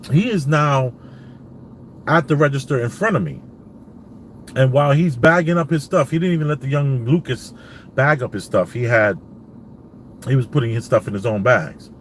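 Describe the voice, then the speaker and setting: A man's voice: mid-range voice, slight background noise. Rambling man telling a story in a car. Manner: rambling, retells dialogue with many "I says" asides. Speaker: vlogger. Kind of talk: casual storytelling monologue. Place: parked car.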